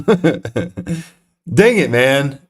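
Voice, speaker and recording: A young man thinks aloud while streaming a chess game, groaning at his own blunders and filling pauses with ums and uhs. His voice sits at an ordinary middle pitch, and he talks at a slow, drawn-out pace. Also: big pitch swings, breathy edge. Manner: self-deprecating, muttering to himself, frequent fillers. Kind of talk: live-stream chess commentary.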